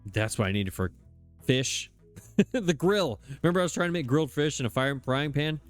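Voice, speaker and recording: A man gives casual, joking gameplay commentary, his pitch bouncing lively up and down as he laughs at himself. Faint game music plays underneath. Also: moderate pace. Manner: jokey, self-deprecating, laughs often. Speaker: let's play host.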